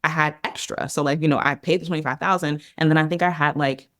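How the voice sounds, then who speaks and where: Podcast guest, woman, animated storyteller with a casual, chatty delivery, recorded close and dry. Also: sits low, fast, no echo. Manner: animated, chatty, heavy use of "like" and "girl".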